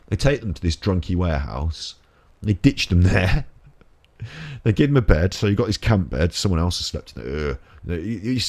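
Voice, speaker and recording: A British man giving chatty, rambling let's play commentary, joking and laughing as he plays. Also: sits low. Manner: jokey, chatty, laughs often. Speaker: gaming channel host.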